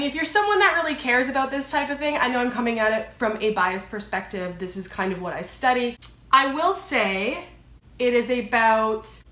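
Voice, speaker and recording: Young woman chatting about a movie, kinda high voice, lots of likes, echoey room. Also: a bit bright. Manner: chatty, rambling, heavy on filler words. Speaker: vlogger. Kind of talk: casual movie review talk.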